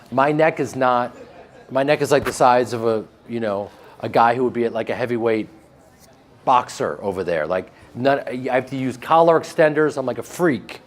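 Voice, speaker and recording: A man with a flat Midwestern American accent answers interview questions in loose, casual chat. He jokes, laughs easily and trips over his own restarts. His pitch sits at a middle level for a man. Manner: animated, joking, laughs often, with frequent restarts. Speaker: actor being interviewed.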